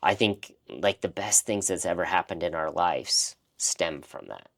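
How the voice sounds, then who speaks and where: A man's voice: low-pitched, lively intonation, measured pace, creaky, a bit bright. A man co-hosting a casual talk, earnestly telling a personal story and acting out remembered conversations. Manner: earnest, reflective, acts out remembered dialogue. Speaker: life coach and podcast co-host.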